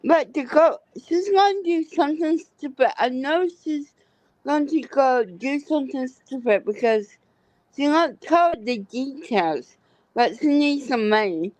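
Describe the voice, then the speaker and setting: High-voiced woman, slow talker, gossiping on a stream, dry close sound. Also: animated, a little mellow, no room sound, poor audio. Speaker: drop-in guest. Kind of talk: gossipy casual chat.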